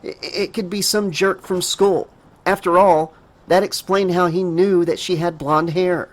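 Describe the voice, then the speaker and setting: A man narrating a horror audiobook dramatically, raising his pitch for a frightened girl's lines. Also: moderate pace. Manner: emotive reading, voices the girl in a higher pitch.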